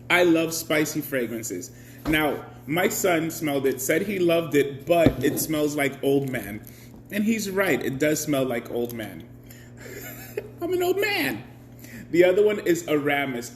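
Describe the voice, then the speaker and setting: Slow, chatty man hosting a live stream. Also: on the high side, slight background noise. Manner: chatty, greets viewers by name; laughs often. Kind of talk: casual live-stream chat.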